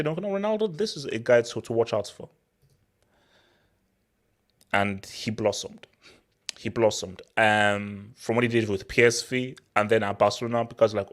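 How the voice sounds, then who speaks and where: A young man from Nigeria hosting a casual football talk, excitable and prone to repeating words as he restarts his sentences. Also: lowish voice. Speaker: football channel host. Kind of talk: casual football commentary monologue.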